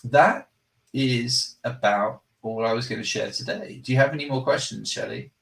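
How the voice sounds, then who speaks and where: A man hosts a casual software demo and talks with rambling enthusiasm, restarting his sentences along the way. His voice sits at a middle pitch. The mic is some distance from him, so he sounds slightly remote. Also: normal speed, vocal fry. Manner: enthusiastic, rambling and self-correcting. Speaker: product presenter and company host. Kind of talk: live product demo chat.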